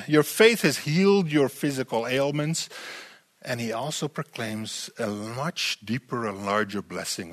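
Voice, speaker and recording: A man preaching a sermon, animated and full of rhetorical questions to the congregation, often repeating words as he restarts. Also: medium pitch, unhurried.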